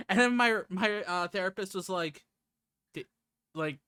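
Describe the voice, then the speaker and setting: A woman streaming a visual novel, chatting casually with a giggly, self-deprecating manner and bursts of shrill put-on voices. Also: slow pace, sharp tone, clean tone, no room sound. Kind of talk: casual gaming stream chat.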